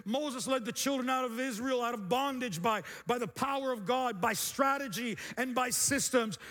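A middle-aged man preaching a sermon as pastor, energetic, with repeated phrases and calls to the congregation. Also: very high-pitched, moderate pace, slight background noise. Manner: energetic, repetitive call-and-response preaching.

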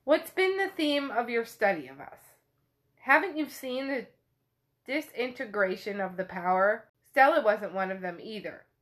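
A woman's voice: fairly high pitch, expressive, a little slow, fairly bright tone. A woman casually retelling a novel chapter, chatty and full of fillers. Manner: chatty paraphrasing with frequent fillers. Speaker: book podcast host.

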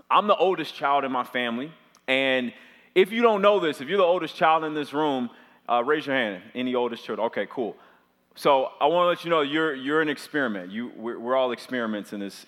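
With a medium-pitched, fairly bright voice, a young pastor in his twenties shares a personal story as a sermon before a live audience. His delivery is loose and chatty, heavy on filler words, and the recording carries a long hall reverb.

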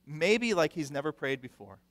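A male pastor preaching a sermon with animated delivery, acting out the people he quotes and repeating words for emphasis. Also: on the high side, normal speed. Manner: animated, acts out quoted voices; repeats words when stressing a point. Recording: long reverb of a large hall.

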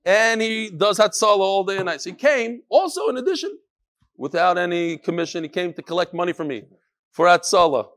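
High-pitched guy running a lively class, telling stories and calling people up front. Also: fairly quick. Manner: animated storyteller who calls listeners up to the front. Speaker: Torah class teacher. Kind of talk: lively lesson to a live group.

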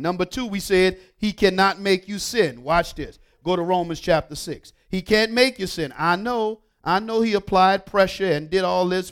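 A man preaching a sermon and reading scripture, moving from hushed asides to emphatic declarations and calling on the congregation. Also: sits high, smooth. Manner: call-and-response preaching, swings from hushed to emphatic.

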